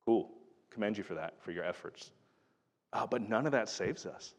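A man's voice: lowish voice, moderate pace. A middle-aged man preaching a sermon in an earnest, conversational way, often restarting his sentences. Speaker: pastor. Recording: reverberant hall.

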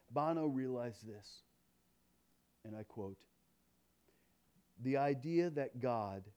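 A pastor preaching a sermon, swinging between loud emphasis and hushed intensity, and telling stories with playful quoted dialogue. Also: male voice, mid-range voice.

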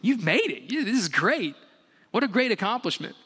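A man voicing an admiring onlooker who gushes over someone's success in a high, exaggerated tone, with long hall reverb. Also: sing-song, normal speed, pushed and bright, husky, exaggerated voice. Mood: fawning. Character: gushing admiring onlooker, impressed by wealth.

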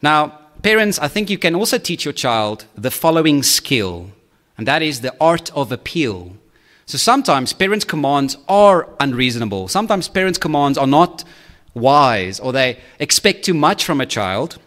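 A man preaching a sermon earnestly, often checking in with listeners and pushing his pitch up to stress key points. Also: very animated, normal speed. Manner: earnest, checks in with frequent "okay?" and "right?"; swings to high, louder emphasis on key points. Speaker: pastor.

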